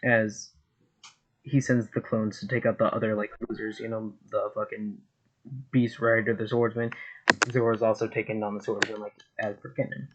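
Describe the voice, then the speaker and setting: A man's voice: fairly low pitch, flat delivery, normal speed, lo-fi sound. A man casually narrating fan fiction in a rambling, profane way with lots of fillers. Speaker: YouTube storyteller. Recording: noisy home recording.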